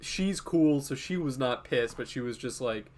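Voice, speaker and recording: A man talking to his viewers on a live stream in a loose, meandering way. He swears freely and laughs between thoughts, in a voice of ordinary middle pitch. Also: lively intonation, moderate pace, a little mellow. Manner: rambling and profane, laughs often. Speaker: streamer and comic artist. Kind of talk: casual live-stream chat.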